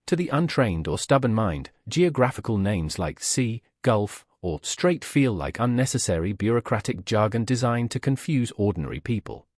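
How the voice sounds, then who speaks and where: A man's voice: fairly low pitch, sing-song, normal speed, few pauses, no room sound, clean studio sound. A man narrating scripted anecdotes in a wry storytelling manner.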